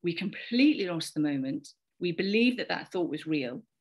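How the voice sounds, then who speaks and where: A woman in her forties with a low, gravelly voice tells a personal story in casual conversation. She rambles and doubles back, repeating words and slipping into quoted dialogue as she goes. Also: animated, moderate pace, darkish tone. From England. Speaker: podcast guest sharing a parenting story.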